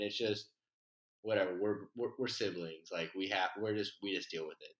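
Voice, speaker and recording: A young man in casual chat, relaxed and joking, saying "dude" and swearing casually. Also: sits low, moderate pace, reverberant, low-quality recording.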